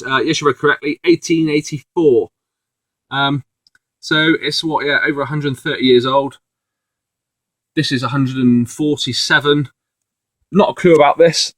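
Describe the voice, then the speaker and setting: A man chatting loosely at his desk in front of a computer screen, drifting through ums and restarts as he shows off his resale finds. The sound is close and dry, with no room echo. His pitch sits at an ordinary middle height. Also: fairly bright tone. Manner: rambling, with many fillers and restarts. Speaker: reseller vlogger. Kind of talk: casual video commentary.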